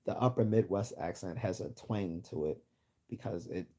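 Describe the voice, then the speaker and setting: A man's voice: sits low, normal speed, mellow. A man from Baltimore hosting a livestream, chatting casually and rambling with many restarts while he answers chat comments. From Baltimore, USA. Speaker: livestream host.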